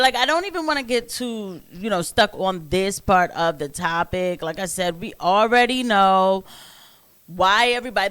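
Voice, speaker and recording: A woman's voice: medium pitch, fairly bright tone, smooth. A woman hosting a casual reaction commentary, talking emphatically and asking viewers rhetorical questions. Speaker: commentary host.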